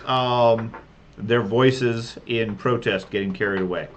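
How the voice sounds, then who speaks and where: A man running a tabletop game as game master, narrating in a halting way with fillers and restarts. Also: medium pitch, noisy background.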